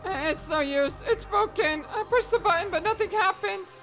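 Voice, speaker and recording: A man voicing a small, timid girl from a visual novel, in a squeaky, anxious way. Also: moderate pace, music in the background.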